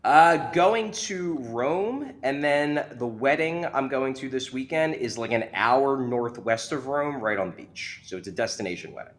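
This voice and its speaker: A man's voice: medium pitch, lively intonation, a little slow, few pauses. A man guesting on a sports talk show, arguing his point emphatically and often repeating himself. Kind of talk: casual sports debate.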